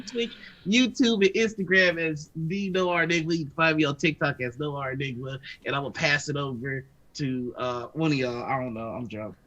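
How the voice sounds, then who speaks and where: A man's voice: fairly high pitch, a bit bright, low-quality recording. A man co-hosting a live stream in casual chat, hungover, swearing freely and laughing a lot. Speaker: stream co-host.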